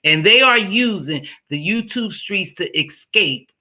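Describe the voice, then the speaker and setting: A woman's voice: medium pitch, lively intonation, measured pace, pushed and bright. A woman hosting a casual livestream, greeting her chat by name and talking firmly and chattily about the evening's topic. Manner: chatty, preachy, firm with rules. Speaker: livestream host.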